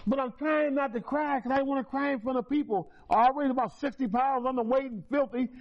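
On a dull lo-fi recording, a recovery meeting speaker with an extremely high-pitched voice tells his life story as testimony at a quick pace. He's folksy and repeats himself, chuckling now and then.

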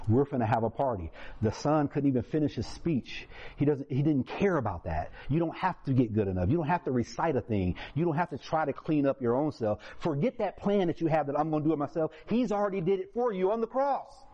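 Animated preacher man, lo-fi sound. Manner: animated, acts out characters in higher voice. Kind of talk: sermon storytelling. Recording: dull lo-fi sound.

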